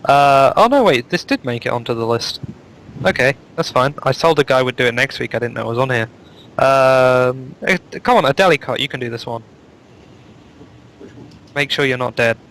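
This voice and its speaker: Guy cohosting a live chat stream, rambly and jokey, lots of ums, mid pitched, home mic on a call. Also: normal speed, fairly bright tone, poor audio. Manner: rambling, joking, lots of fillers. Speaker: co-host reading out new speedruns. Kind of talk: casual live chat show.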